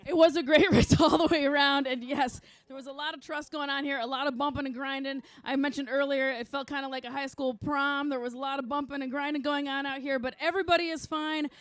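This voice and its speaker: Bubbly high-voiced woman announcer. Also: fairly even intonation, quick pace, few pauses, no echo. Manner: bubbly, joking, laughs often. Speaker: race announcer. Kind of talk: podium interviews.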